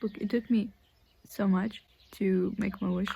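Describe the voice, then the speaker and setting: A woman's voice: medium pitch, steady tone, a little slow, vocal fry, warm tone, breathy edge, highs cut off. Rambling eighteen-year-old woman vlogging. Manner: rambling, hesitant, drops to a whisper at times. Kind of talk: casual chat. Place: outdoors in a forest.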